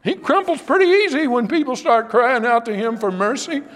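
A man preaching an evening sermon, impassioned and pleading, addressing his listeners directly and swinging from hushed to raised. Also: very high voice, normal speed.

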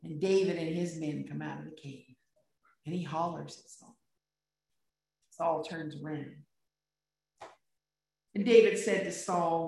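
Woman preacher, unhurried sermon delivery, plain-spoken retelling with rhetorical questions; distant, heavily reverberant recording. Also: low-pitched, vocal fry, mellow. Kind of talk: sermon retelling a scripture story. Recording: very echoey room, distant mic.

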